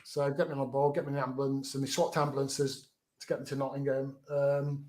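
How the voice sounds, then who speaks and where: A man's voice: medium pitch, level tone, a little fast, darkish tone. A middle-aged man, frankly recounting his own story as a guest in an interview, often restarting his words. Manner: frank, plain-spoken, repeats words as he restarts.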